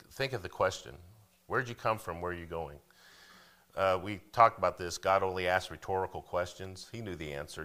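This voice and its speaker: A man's voice: sits low, bright, forceful tone. A man preaching, reading scripture aloud in a raised voice and then explaining it plainly with frequent "okay?" asides. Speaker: pastor.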